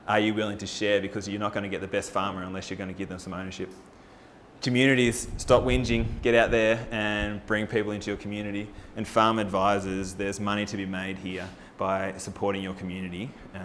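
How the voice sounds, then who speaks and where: Male presenter, low register, upbeat persuasive forum pitch. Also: fairly quick, slight background noise. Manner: energetic, rallying, with rhetorical questions to the audience. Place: live talk at a farming forum.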